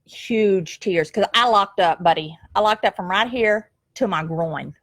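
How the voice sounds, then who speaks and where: A middle-aged woman telling a family story on camera at home, lively and quick to laugh, with homespun phrasing. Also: mid-range voice, no echo. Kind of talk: casual storytelling. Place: at home, goats nearby.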